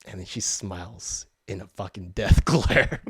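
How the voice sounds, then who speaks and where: A man's voice: low-pitched, a little slow, slightly rough, no echo, studio quality. A man hosting a podcast, telling a story in a blunt, profane, heated rant. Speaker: podcast host. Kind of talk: ranting storytelling.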